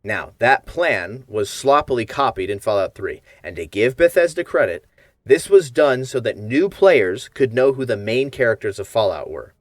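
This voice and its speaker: A man's voice: mid-range voice, expressive, normal speed, no echo. A man narrating a gaming lore video essay in a wry, jokey manner.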